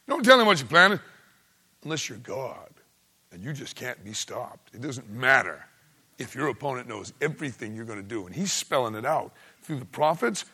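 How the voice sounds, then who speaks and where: Animated husky preacher. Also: male voice, medium pitch, normal speed. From United States. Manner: animated, folksy, swings between loud exclaiming and hushed asides. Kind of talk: sermon.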